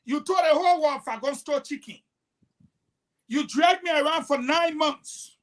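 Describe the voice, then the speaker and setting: A man's voice: extremely high pitch, normal speed. A man with a Liberian English accent hosting a political talk show, delivering heated, scolding commentary with rhetorical challenges.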